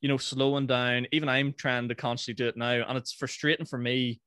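A man from Northern Ireland with a Northern Irish accent, hosting a casual conversation and talking quickly. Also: medium pitch, level tone, sharp tone, clean tone, no room sound, clean studio sound. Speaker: host.

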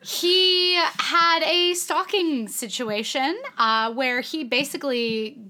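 A woman's voice: high voice, takes it slowly, pushed and bright. A woman co-hosting a podcast, telling stories in casual chat with many ums and some swearing. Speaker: podcast co-host.

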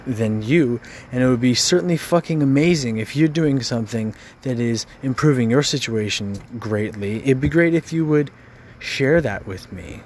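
A man's voice: mid-range voice, normal speed, darkish tone, slight background noise. Frustrated man ranting, stammering and swearing. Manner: frustrated, profane, stammering repeats. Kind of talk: angry venting rant.

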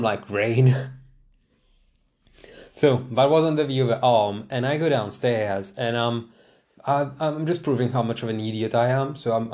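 This young podcast host has a mid-range voice with a darkish tone. In a casual solo chat into a desk microphone while seated, he rambles and mocks himself, with lots of restarts and laughter.

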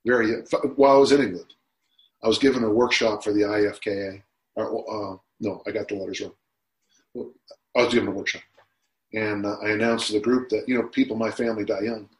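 A man's voice: on the low side, steady tone, fairly quick. A man in his sixties being interviewed on a podcast, talking in a reflective way that turns emotional at times. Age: 60s. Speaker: guest. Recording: roomy echo.

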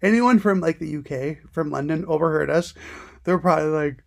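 A woman's voice: deep voice, a little fast, vocal fry, a little mellow. An American woman co-hosting a podcast, talking casually and agreeably. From United States. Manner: laid-back, agreeable, laughs easily. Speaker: podcast co-host. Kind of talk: casual chat.

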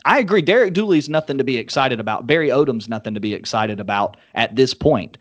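A man hosting a casual sports podcast, quick and joking as he leads the talk. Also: mid-range voice, expressive, dry recording. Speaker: podcast host.

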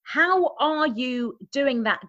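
A woman hosting an interview podcast, speaking in an enthusiastic, chatty way with quick restarts. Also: sits high, animated, fairly bright tone. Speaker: podcast host. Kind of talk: upbeat interview chat. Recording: dull lo-fi audio.

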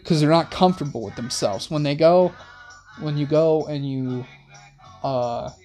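A young man hosting a rambling late-night monologue in laid-back slang, with soft music playing behind him. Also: on the high side, a little slow. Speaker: host. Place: in a car.

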